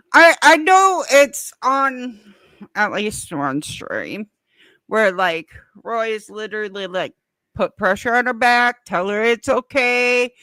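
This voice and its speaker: A woman tells a rambling story on a live stream in a bright, close, dry voice. She speaks casually and swears now and then. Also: mid-range voice, slow, clean tone, no room sound. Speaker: stream guest.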